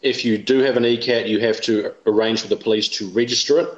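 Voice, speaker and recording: Fast-talking New man, roomy lo-fi. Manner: rapid and animated, mimics others in high voices. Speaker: interview guest. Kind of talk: casual, opinionated interview talk. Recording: roomy, dull lo-fi sound.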